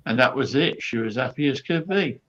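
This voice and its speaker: A man's voice: medium pitch, expressive, brisk, a bit bright, lo-fi sound. A man, a guest comedian, telling a rambling backstage anecdote full of quoted asides and fillers.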